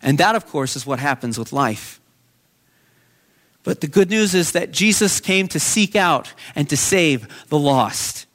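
A man's voice: on the high side, expressive, a little slow, fairly bright tone. A man preaching a sermon as pastor, telling a story in an earnest way.

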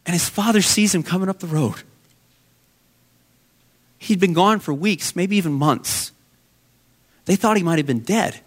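A man's voice: sits high, unhurried, pauses often. A man preaching a sermon as pastor, telling a story in an earnest way.

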